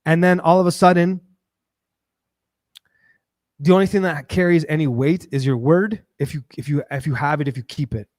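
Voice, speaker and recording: A man hosting his own livestream, talking in a rambling, animated way, full of fillers and restarts. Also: on the high side, normal speed, long pauses, no echo, studio quality. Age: adult with a daughter. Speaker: livestream host. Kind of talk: casual livestream monologue.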